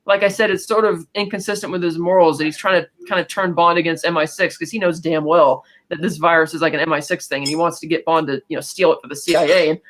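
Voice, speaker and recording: A podcast co-host giving a casual, rambling movie recap, acting out quick lines of dialogue along the way. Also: mid-range voice, fairly even intonation, fairly bright tone. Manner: rapid, rambling retelling with quick acted-out quotes and fillers.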